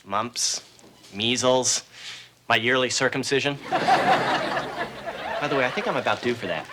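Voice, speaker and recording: A man's voice: medium pitch, a little slow, very noisy, lightly acted. An actor playing a goofy, childish adult man, rambling and melodramatic in a sitcom. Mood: silly. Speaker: sitcom lead. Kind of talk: sitcom acting. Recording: TV sitcom audio with laugh track.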